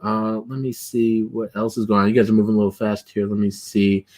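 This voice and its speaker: A man's voice: fairly low pitch, flat delivery, brisk, a little mellow, faint music behind. A man hosting a casual livestream, rambling and chatty, full of fillers and chuckles. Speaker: livestream host.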